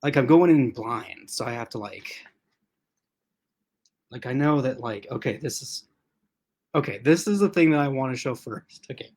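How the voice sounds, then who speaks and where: A man's voice: medium pitch, lively intonation, moderate pace, pauses often, darkish tone. A man hosting a casual livestream unboxing from his laptop, rambling and chatty with lots of fillers, restarts and laughs. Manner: laughs often. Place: at home in front of a laptop.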